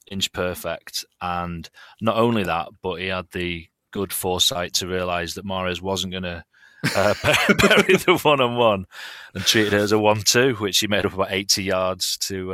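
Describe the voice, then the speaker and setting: A Mancunian man gushes about his favourite player. His deep voice is bright and recorded dry. He sounds like a devoted fan. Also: dry recording. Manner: enthusiastic fan, gushing. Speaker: fan guest on podcast. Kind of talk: casual football chat.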